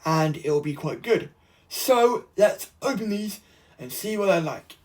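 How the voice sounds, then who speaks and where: Chatty man, slightly high voice. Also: unhurried. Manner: chatty, rambling, easily excited. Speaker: vlogger. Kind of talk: casual unboxing vlog.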